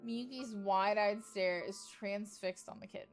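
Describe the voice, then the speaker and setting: A woman's voice: mid-range voice, fairly even intonation, normal speed, soft background music. A woman streamer narrating a game playthrough in a playful manner, reading the dialogue aloud.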